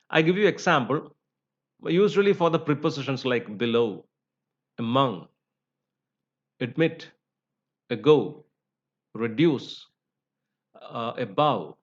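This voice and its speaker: A man teaching English phonetics, with many "you know" and "uh" fillers. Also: fairly high pitch. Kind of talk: lecture. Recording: slightly dull recording.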